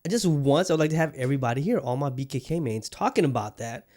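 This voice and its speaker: A man's voice: mid-range voice, animated, quick pace, a little mellow. A man hosting a solo podcast in a casual monologue, rambling and restarting his sentences often, loose, joking and profane. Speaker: podcast host.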